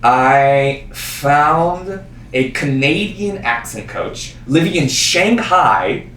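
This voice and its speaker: This is a young man's very slow, slightly high-pitched solo monologue in a small venue, full of self-mockery and lively storytelling. Captured from afar, the audio is roomy with faint ambience and a touch of hiss or hum.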